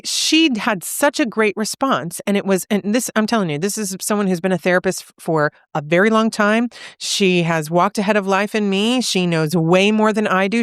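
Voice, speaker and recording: A woman's voice: medium pitch, clean tone, no echo, studio quality. A woman in her thirties, a therapist and podcast co-host, earnestly telling a personal story and often checking in with "right?". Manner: earnest, uses many "right?" tag questions. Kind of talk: reflective conversational storytelling.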